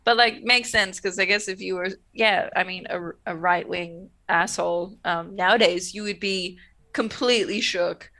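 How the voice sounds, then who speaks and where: Bright, laughing woman co-host. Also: medium pitch, steady tone, moderate pace. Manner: laughs often, swears, acts out characters. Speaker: podcast co-host. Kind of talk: casual rewatch chat.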